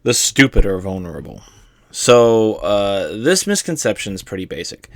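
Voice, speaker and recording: A man's voice: lowish voice, big pitch swings, normal speed, no echo, studio quality. A man giving a casual, rambling explanatory monologue as host, full of fillers and the odd swear word.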